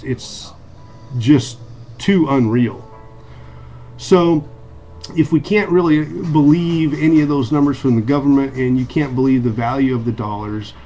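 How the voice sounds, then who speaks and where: A man's voice: medium pitch, darkish tone, slight background noise. American guy vlogging solo, earnest, lots of ums and restarts. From United States. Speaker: video blogger. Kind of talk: casual monologue to camera.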